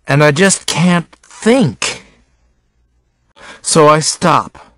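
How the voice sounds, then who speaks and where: A man reads a novel aloud in the first person, taking his time and letting his voice rise and fall widely. His pitch sits a little high, and the sound is dry and close to the mic. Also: no echo. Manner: expressive, unhurried reading. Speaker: audiobook narrator.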